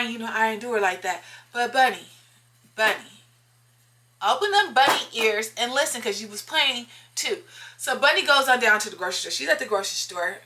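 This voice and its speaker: A woman's voice: on the high side, sharp tone. A woman telling a personal story in a casual, emphatic way, often repeating lines for effect and talking straight to her viewers.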